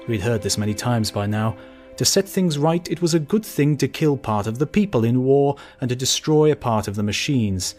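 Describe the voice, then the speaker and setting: A man reading a travel story aloud as an audiobook narrator, measured and steady. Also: medium pitch, faint music behind. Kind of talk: scripted narration.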